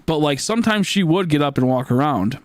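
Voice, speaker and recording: A man's voice: on the high side, lively intonation, fairly quick, no room sound, studio quality. A man in his late twenties, a streamer telling a story in a casual, rambling way with lots of filler words. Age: late 20s. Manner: rambling, full of "like" fillers and restarts.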